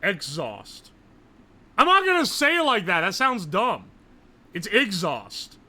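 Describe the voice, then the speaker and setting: A young man, chatting casually on a live stream, loud and joking, swearing often and laughing a lot. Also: sits high, wildly swooping pitch, takes it slowly. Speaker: livestreamer.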